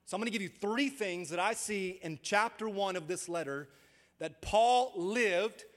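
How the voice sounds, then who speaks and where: A man preaching a sermon as pastor, building to shouted emphasis. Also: high voice, moderate pace. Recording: long hall reverb.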